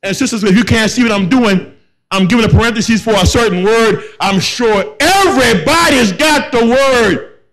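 High, bright-voiced preaching man. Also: moderate pace, rough recording. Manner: impassioned, shouting, repetitive. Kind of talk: sermon.

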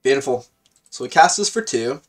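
A man of middle pitch talks through a match as he plays it. He is casual and slangy, and he jumps quickly between excitement and thinking out loud. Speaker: gaming video host. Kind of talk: casual live gameplay commentary.

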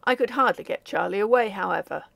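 A woman narrates a ghost story audiobook with a gravelly, creaky texture at a middle pitch. Her reading is measured and even, and the recording is close and dry, with no room sound. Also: dry recording. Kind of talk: scripted narration.

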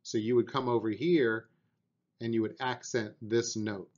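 A man's voice: mid-range voice, fairly even intonation, unhurried, a little mellow, lo-fi sound. A man teaching a beginner drum lesson, patiently explaining and counting out beats aloud, with an encouraging manner.

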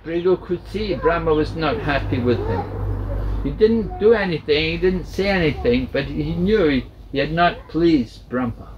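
Male spiritual teacher, patient slow storyteller at a home program, faint background noise. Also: fairly high pitch, expressive, muffled recording. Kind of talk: storytelling sermon. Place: home gathering indoors.

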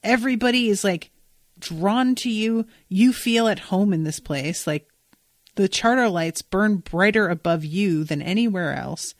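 A woman's voice: medium pitch, a little slow, no room sound, lightly acted. A woman voicing a sardonic male talking cat in casual modern slang, in a dry recording. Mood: reassuring.

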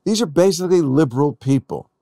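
A man hosting a casual talk podcast, blunt and profane, getting louder as he argues his points. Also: a little high, expressive, quick pace, no echo, studio quality. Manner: blunt, profane, rising to yelling when worked up. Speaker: podcast host. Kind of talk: casual chat.

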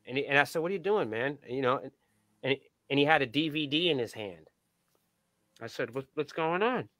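Profane, animated male storyteller. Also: medium pitch, a little fast, dry recording. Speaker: band's point of contact. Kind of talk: casual anecdote-telling in a podcast interview.

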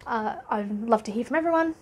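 A woman's voice: fairly high pitch, lively intonation, brisk, darkish tone, slightly rough. A woman from Australia with an Australian accent, talking to camera as a business coach in a chatty, upbeat way, laughing often and filling gaps with "uh". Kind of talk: casual talking-head vlog.

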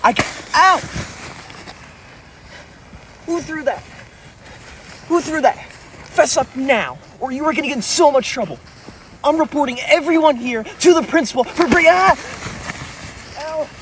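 This is a comic sketch performance: a man with a high, slightly bright voice and lively intonation plays a self-righteous teacher's pet. He lectures in a preachy, whiny manner and readily threatens to tell the teacher, with a little hiss or hum audible.

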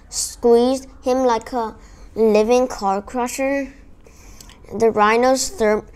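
A woman reading a children's adventure book aloud, expressive, with small restarts now and then. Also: fairly high pitch, clean tone. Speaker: audiobook reader. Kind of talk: children's audiobook read-aloud.

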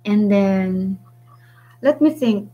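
A young adult woman with a Filipino accent chatting casually with viewers on her vlog, thinking aloud with lots of ums and pauses. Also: mid-range voice, muffled recording. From Philippines. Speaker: vlogger. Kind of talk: casual live-stream chat with viewers.

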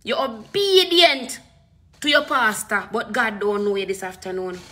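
A woman's voice: a little high, measured pace, sharp tone. A woman preaching a fervent, repetitive sermon with bursts of speaking in tongues.

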